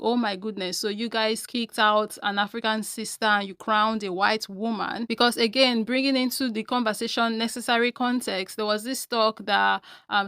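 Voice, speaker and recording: A young Nigerian woman with a smooth, resonant and slightly raised voice, thinking aloud for her viewers. She weighs each point and asks question after question, recorded dry and close. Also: fairly high pitch, fairly bright tone, no echo. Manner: earnest, reflective, many rhetorical questions. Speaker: vlogger. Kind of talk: commentary vlog to camera.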